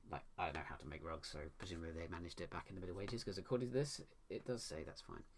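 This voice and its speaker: A man's voice: low voice, very fast, a little hiss or hum. A man writing a story live, muttering and correcting himself as he reads his sentences aloud. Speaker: author writing a book live. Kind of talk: thinking aloud while drafting prose. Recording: loud keyboard typing throughout. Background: keyboard clicks and typing.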